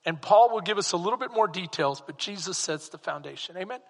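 Male pastor, high ringing voice, sermon in a reverberant church hall. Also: quick pace. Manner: animated preaching with rhetorical questions to the congregation.

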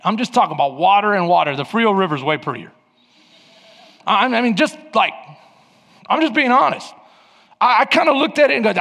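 A high-voiced man preaching in a husky tone, chatty one moment and rising to loud fervor the next. His sermon rings through a church sanctuary with a long reverb trailing each phrase. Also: normal speed, long pauses. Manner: animated, conversational preaching that builds to loud passages. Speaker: pastor. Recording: long reverb in a large hall.

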